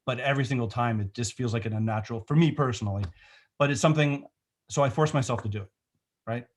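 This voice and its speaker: A man's voice: mid-range voice, fast talker. A middle-aged man, a film director, talking in a casual remote interview, thoughtful and rambling with many restarts.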